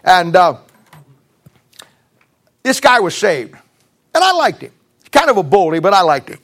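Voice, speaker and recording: A man's voice: high-pitched, sing-song, unhurried, a bit bright. A middle-aged male pastor preaching a sermon in a folksy, emphatic, storytelling way.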